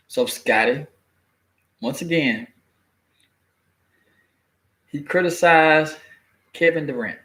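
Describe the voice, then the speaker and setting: A man giving a blunt, animated opinion rant in casual, colloquial speech, cursing freely and laughing at his own jokes. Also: fairly high pitch, takes it slowly, pauses often. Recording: echoey room.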